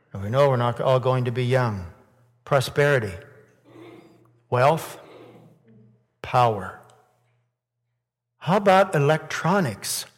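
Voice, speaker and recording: A male pastor delivers a sermon in a church, his voice sitting a little high. He leans on rhetorical questions and climbs to loud, emphatic peaks. The sound rings out with a long reverb from the hall. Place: church sanctuary.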